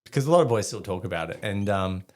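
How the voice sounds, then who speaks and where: An Australian army veteran in his forties, telling a story as a podcast guest, animated and laughing as he acts out voices. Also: lowish voice, fast. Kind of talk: casual storytelling.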